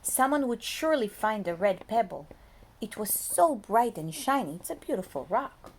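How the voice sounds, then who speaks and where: A woman's voice: mid-range voice, normal speed, breathy edge. Woman reading a storybook to preschoolers. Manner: animated, often drops to a soft whisper, talks to the children. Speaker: preschool teacher reading aloud. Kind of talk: picture book read-aloud for young children.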